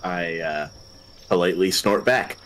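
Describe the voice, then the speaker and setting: A man's voice: deep voice, measured pace, a bit bright. A man playing a tabletop role-playing game, talking loosely and joking, with fillers as he thinks aloud. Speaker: player. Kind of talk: casual tabletop game chat and in-character talk.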